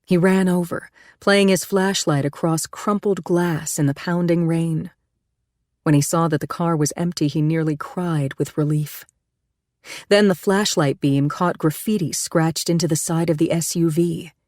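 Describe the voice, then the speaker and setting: A woman narrating an audiobook in a steady, measured storytelling voice, pitched a little low. The recording is close and dry, with no room sound. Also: dry recording. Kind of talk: scripted narration.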